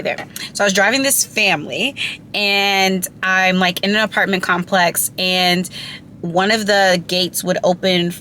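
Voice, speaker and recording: A young woman tells a story to her phone camera at home, chatty and animated, acting out her own reactions along the way. Her voice is bright and forceful but sits a little low. A faint hiss runs underneath. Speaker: vlogger. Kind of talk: casual storytelling vlog.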